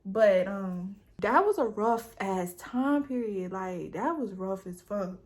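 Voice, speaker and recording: A woman's voice: mid-range voice, animated, slow pace, darkish tone. A young woman hosting a vlog, telling a story in blunt, profane, casual chat. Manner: blunt, profane, streetwise talk. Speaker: vlog host.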